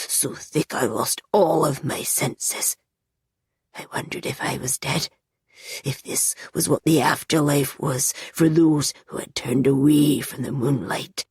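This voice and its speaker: A woman reading an audiobook, voicing a tormented young male captive in a low, raspy, monotonous half-whisper. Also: very slow, long pauses, dry recording, clean studio sound, exaggerated voice. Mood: haunted. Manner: monotonous, hushed. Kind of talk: audiobook character voice.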